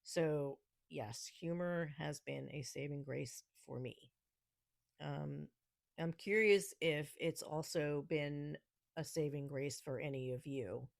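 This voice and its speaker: A woman's voice: deep voice, slow, gravelly, no room sound, clean studio sound. A woman with a New York accent hosting a casual solo podcast, talking with snarky, sarcastic humor and laughing often. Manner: laughs often between remarks. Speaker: podcast host.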